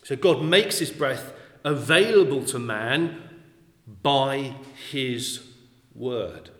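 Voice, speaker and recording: A man preaching a sermon, talking slowly and deliberately and repeating key phrases for emphasis. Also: medium pitch. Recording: echoey hall with long reverb.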